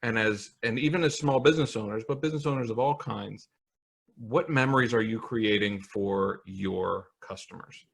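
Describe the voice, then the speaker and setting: A man's voice: on the low side, normal speed, creaky, slightly rough. A man co-hosting a casual business podcast over a video call, enthusiastic and repetitive, joking now and then. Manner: enthusiastic, repeats himself, joking. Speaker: podcast co-host.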